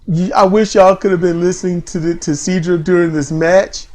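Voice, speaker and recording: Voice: mid-range voice, fairly even intonation, moderate pace, darkish tone. A podcast co-host in casual wrestling commentary chat, telling stories with laughter and mimicking others.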